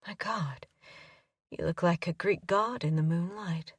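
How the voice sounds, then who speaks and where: A woman narrator voicing a passionate young woman, speaking softly and breathlessly. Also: fairly low pitch, unhurried, slightly rough, dry recording, far from the mic. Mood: intimate.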